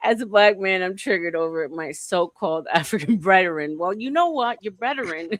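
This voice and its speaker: A woman's voice: lowish voice, animated, normal speed, no echo. Teasing, laughing woman stream host. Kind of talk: casual group chat.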